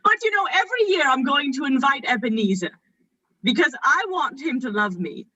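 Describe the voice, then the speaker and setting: A bright, dry voice for a vain, needy nephew hosting a party, played by a performer. He giggles and rambles, showing off to his guests. The sound is a little dull. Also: high voice, lively intonation, fairly quick, no room sound. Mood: giggly. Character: vain, needy male nephew host Fred. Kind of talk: drunken improv stage comedy.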